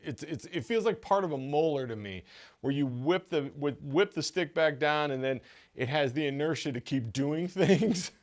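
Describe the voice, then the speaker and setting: A man giving a casual drum lesson, talking in a relaxed way with many stammered restarts and small chuckles. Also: on the high side, moderate pace. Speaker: drum teacher.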